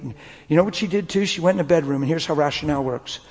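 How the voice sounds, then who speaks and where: A middle-aged male pastor telling a personal story in a sermon, his delivery swinging from hushed to loud and emotional. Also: fairly high pitch, quick pace. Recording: long hall reverb.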